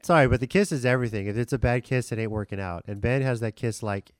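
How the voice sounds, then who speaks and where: A man's voice: mid-range voice, fast talker, smooth, no echo. A man co-hosting a podcast, chatting casually and bluntly about a reality show. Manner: blunt, opinionated, leads topics. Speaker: podcast co-host.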